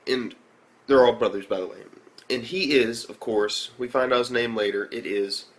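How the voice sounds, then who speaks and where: Rambling, profane young man reviewing anime. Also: moderate pace. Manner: rambling and profane, many fillers; excitable, jumps into high reactions. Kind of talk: casual recap and review.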